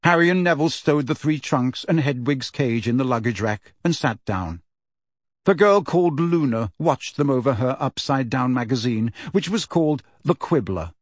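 Measured male audiobook narrator. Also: medium pitch, animated, dry recording, studio quality.

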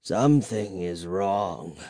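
Count Nightwing, a reader doing a hushed old vampire. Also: lively intonation, no echo, clean studio sound, heavily acted. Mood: ominous. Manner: low, slow and hushed; moaning, self-pitying. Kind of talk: audiobook reading.

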